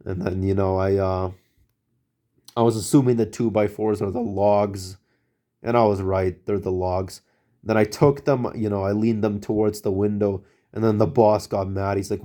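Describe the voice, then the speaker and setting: A man recounting a story casually for a vlog in a lowish voice. His tone is warm and mellow rather than bright. He rambles, restarts and fills pauses with filler words. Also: steady tone. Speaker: vlogger telling a story.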